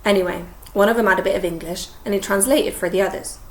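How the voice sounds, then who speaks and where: A woman narrates an audiobook in a steady storytelling manner. Her mid-range voice has a gravelly texture, and the recording sounds roomy. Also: mid-range voice, quick pace. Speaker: audiobook reader. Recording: echoey room.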